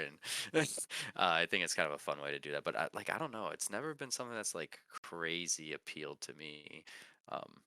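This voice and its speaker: A very deep-voiced man with a bright, forceful edge chats casually as a podcast co-host. His voice is smooth and resonant, recorded dry and close. He rambles and hunts for words as he talks. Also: a little fast, no echo. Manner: rambling, searches for words, laughs often. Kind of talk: casual chat.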